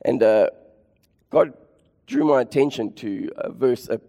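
A man preaching a sermon and telling his own story, impassioned, repeating phrases for emphasis and building to near shouts. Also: medium pitch, measured pace. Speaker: preacher sharing his testimony. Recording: long hall reverb.

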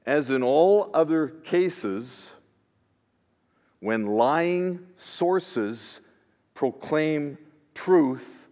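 A man, a pastor, preaching a sermon in an expressive style that swings between hushed asides and emphatic declarations. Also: a little high. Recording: long reverb of a large hall.

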